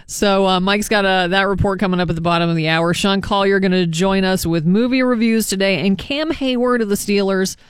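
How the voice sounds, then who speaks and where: An upbeat man hosts a morning radio show, moving between news and weather reads and light banter. His voice sits high and sounds smooth and clear, recorded dry and close on a studio mic. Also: steady tone, fairly quick, few pauses, no room sound. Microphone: studio microphone.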